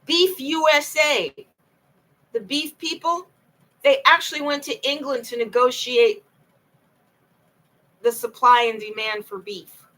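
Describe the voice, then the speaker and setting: This late-night monologue to camera comes from a woman whose high-pitched voice is pushed and bright, slow, and often paused. She tells her story in an impassioned, rambling way with lots of repetition, and the recording is rough.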